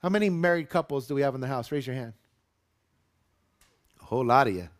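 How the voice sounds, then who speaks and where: A man's voice: mid-range voice, fast. A male pastor preaching a sermon to his congregation, telling a story and acting out the voices in it. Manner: animated storytelling, acts out quotes. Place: church sanctuary with congregation.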